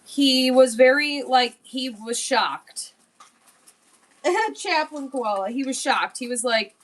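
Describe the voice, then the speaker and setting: A woman's voice: on the high side, slow, pauses often, fairly bright tone. A woman in her forties, chatting casually on a live-stream sale, rambling and laughing often as she shows antiques.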